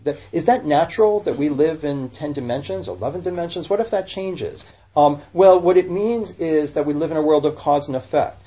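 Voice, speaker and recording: A man's voice: a little high, expressive, brisk, warm tone. A man, a rabbi, talking casually and animatedly, firing rhetorical questions and correcting himself mid-sentence. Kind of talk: casual podcast discussion. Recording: dull lo-fi recording.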